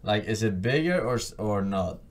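A man's voice: fairly low pitch, lively intonation, moderate pace. A man streaming and commenting casually, offhand and drawling, with frequent swearing.

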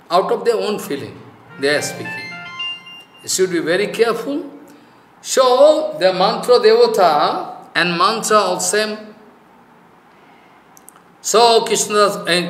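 Male preacher, halting and filler-heavy, bright tone, recorded in an echoey room. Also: high voice. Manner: halting, many "you know" fillers, broken English. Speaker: spiritual teacher. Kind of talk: devotional sermon.

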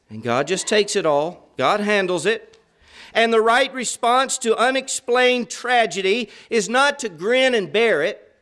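A man's voice: high voice, sing-song, unhurried, fairly bright tone. A middle-aged man preaching a sermon in an earnest, conversational way, stressing points through repetition.

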